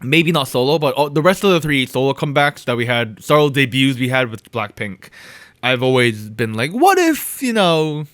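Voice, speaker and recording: A man co-hosting a podcast in casual chat, animated and blunt, swearing freely. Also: medium pitch, normal speed, no room sound, clean studio sound. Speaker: podcast co-host.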